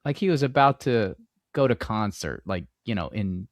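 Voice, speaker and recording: Podcast guy, lively bouncy voice, jokey and self-mocking, dry mic. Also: on the low side, moderate pace, dry recording. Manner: animated, joking, self-mocking. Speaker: podcast co-host. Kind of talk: casual movie podcast chat.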